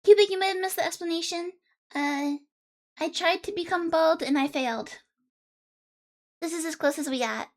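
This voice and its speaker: A woman's voice: very high-pitched, moderate pace, pauses often. A woman streamer chatting casually and bubbly with her viewers, a bit congested. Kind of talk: casual live-stream chat.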